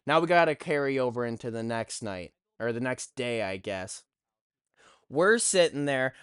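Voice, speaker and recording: Young male vlogger, crisp clear voice, unhurried, cursing, fed-up storyteller. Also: mid-range voice, dry recording, clean studio sound. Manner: animated, swears constantly, exasperated. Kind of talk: profane ranting storytime.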